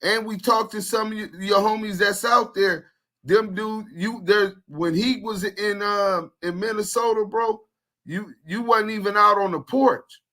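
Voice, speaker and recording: Blunt, bright-voiced male podcast host. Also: high voice, fairly even intonation, measured pace. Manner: blunt and confrontational, street slang. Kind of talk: casual podcast chat.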